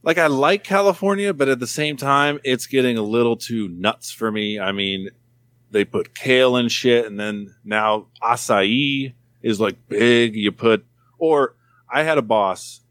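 A man's voice: medium pitch, measured pace, fairly bright tone, no echo. Blunt, dry-sounding male podcast guest. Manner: blunt, swears often, rambling anecdotes. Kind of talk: casual chat. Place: California.

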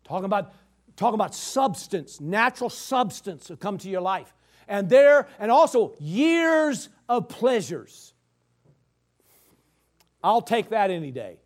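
High-pitched guy preaching, emphatic, lots of amens and questions to the crowd. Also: big pitch swings, a little slow. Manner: emphatic, rhetorical questions, calls of amen. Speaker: pastor. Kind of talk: sermon.

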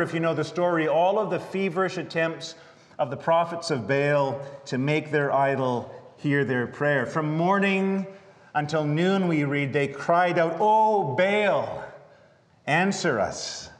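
Guy preaching in a church, kinda high voice, big echo tail, slow dramatic pauses. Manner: dramatic pauses, reads scripture then preaches with wry asides. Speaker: pastor. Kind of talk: sermon. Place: church sanctuary. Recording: long church reverb.

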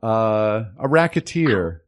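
A man's voice: lowish voice, big pitch swings, takes it slowly, no echo, clean studio sound. A man co-hosting a casual movie podcast, rambling a little with fillers and restarts. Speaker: podcast co-host.

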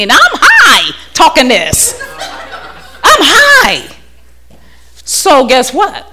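Her voice is high, pushed and bright, with wildly swooping pitch, drawn-out words and long pauses. She speaks into a handheld mic to a live church audience, sharing a candid, humorous testimony, frequently laughing and restarting sentences with repeated words.

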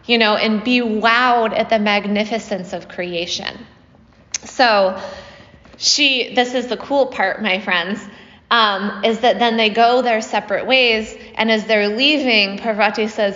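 A woman's voice: mid-range voice, steady tone, a little slow, a bit bright, highs cut off. Give me a woman retelling a myth to a group, recorded in a reverberant hall. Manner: conversational, often asks "right?" with fillers. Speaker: storyteller teaching a group. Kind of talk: casual spoken retelling of a myth.

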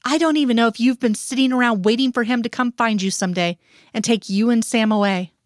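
A woman's voice: fairly high pitch, fast talker, dry recording, clean studio sound, natural voice. A woman reading as a cold, accusing husband. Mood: bitter. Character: stern hurt husband, a man. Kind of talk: audiobook reading.

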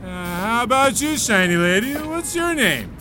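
This is a sleazy street catcaller in an audio drama. The voice sits extremely high and swoops wildly, and he drawls his come-ons slowly. The tone is bright and sharp, and he leers at everyone who passes. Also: big pitch swings, a little hiss or hum, full character voice. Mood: leering.

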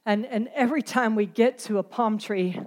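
A woman's voice: a little high, moderate pace, a little mellow. Woman preaching with rising fervor. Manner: storytelling, building to impassioned emphasis. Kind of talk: sermon.

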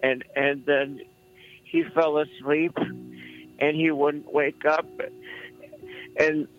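A man voicing a young boy caller scared for his father, talking in a slow, halting, tearful way. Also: a little high, flat delivery, phone-quality sound, faint music behind.

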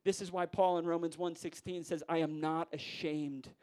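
A male preacher with a somewhat high voice gives a sermon in a church. He swings between hushed, soft-spoken stretches and loud, stirring declarations. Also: little pitch movement, moderate pace, clean tone. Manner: builds from hushed to rousing, voices quoted figures.

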